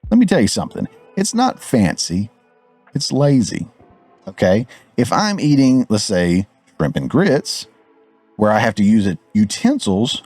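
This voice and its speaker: A man from Georgia, hosting a show and ranting in an animated way straight to his viewers. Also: on the low side, a little slow, faint music behind. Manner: animated, fired-up, talks to viewers directly. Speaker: show host. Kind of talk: ranting commentary.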